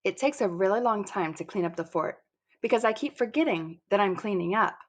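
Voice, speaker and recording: A woman reads a children's storybook aloud in the first person. Her telling is lively and childlike, with a husky, breathy voice at a mid pitch. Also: fairly quick. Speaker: audiobook narrator.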